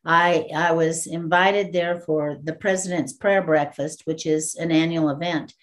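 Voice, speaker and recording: Her voice sits low and unhurried as this Texan guest minister tells her story in an interview. Lively and animated, she acts out the conversations and frequently breaks into laughter.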